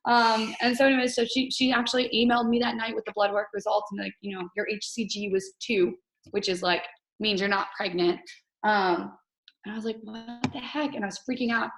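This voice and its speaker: A woman's voice: medium pitch, steady tone, fairly quick, roomy sound, low-quality recording. A woman coach hosting a casual team video call, chatty and candid, often laughing as she talks.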